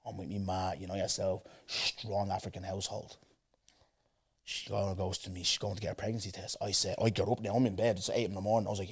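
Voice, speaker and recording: A man hosting a podcast, telling a story in slangy, animated casual chat. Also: low-pitched, quick pace, husky. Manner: slangy, animated, with restarts and asides. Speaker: podcast host.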